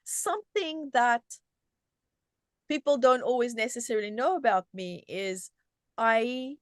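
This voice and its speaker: A middle-aged woman from South Africa, a guest telling her story in an animated, conversational way, often restarting her sentences. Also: a little high, a little slow, dry recording, clean studio sound. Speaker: guest, self-help author.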